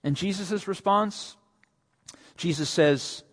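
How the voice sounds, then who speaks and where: A male pastor preaching a sermon. His voice swells to emphatic peaks on quoted lines and sinks soft and low when he speaks of his own need. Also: slow pace, in a large hall. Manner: rises to emphatic, raised delivery on quoted lines, then drops soft and low.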